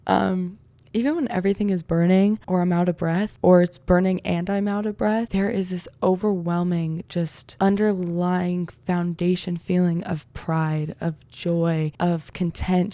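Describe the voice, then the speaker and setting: A woman's voice: on the low side, gravelly, dark tone, dry recording. A young adult woman hosting a solo podcast, talking candidly and chattily with lots of "like" and "you know.". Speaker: podcast host. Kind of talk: solo personal reflection.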